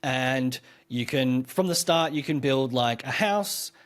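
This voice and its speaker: A man's voice: medium pitch, slow pace. A man, co-hosting a podcast and talking through a game in a rambling, enthusiastic way. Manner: rambling, filler-heavy, enthusiastic explaining. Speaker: podcast co-host. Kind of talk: casual podcast chat reviewing a game.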